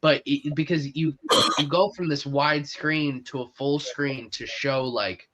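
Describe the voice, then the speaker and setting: A man's voice: fairly high pitch, steady tone, measured pace, a bit bright, dull audio. A man in a casual film discussion, speaking with enthusiasm and often stumbling and restarting his sentences. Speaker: movie reviewer co-host.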